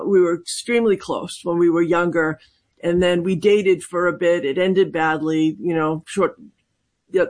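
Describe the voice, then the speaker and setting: Her voice fairly low in pitch, a medium joins a call-in radio show as a guest. She pauses over her words thoughtfully, with many fillers and restarts.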